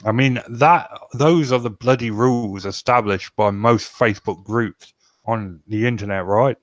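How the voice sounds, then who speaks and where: A man's voice: mid-range voice, unhurried, no echo. A man hosting a podcast, reading news aloud and adding wry, sweary asides. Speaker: podcast host.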